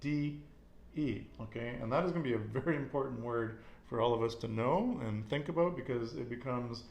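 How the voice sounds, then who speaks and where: A man's voice: mid-range voice, a little fast, vocal fry, a little mellow, reverberant, slight background noise. A man teaching a casual Spanish lesson, patiently repeating words and quizzing his student.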